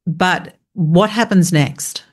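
A woman hosting a conversational interview, asking questions in a measured way. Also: on the low side. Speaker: interview host.

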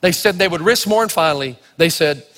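A Tennessee pastor preaches a storytelling sermon, animatedly acting out the dialogue in raised voices. His voice is a little high and a little fast, with a long hall reverb.

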